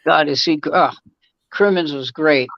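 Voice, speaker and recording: A man's voice: a little high, normal speed, gravelly, a bit bright, no room sound, lo-fi sound. A man, a guest comedian, telling rambling anecdotes in casual chat, with frequent restarts and acted-out quotes.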